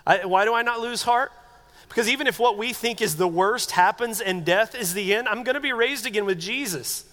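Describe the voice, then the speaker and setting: High-voiced earnest male pastor preaching. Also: fairly quick. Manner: earnest, conversational, drops to soft quiet tones. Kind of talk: sermon. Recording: long hall reverb.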